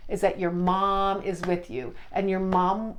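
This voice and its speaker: A woman with a voice of ordinary pitch talks through personal stories as the host of her own show. She sounds earnest and chatty, with quick restarts, and she brings the stories to life by acting out what each person said. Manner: chatty, earnest, lively retelling with restarts and quoted dialogue. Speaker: podcast host and Reiki practitioner. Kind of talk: casual storytelling monologue.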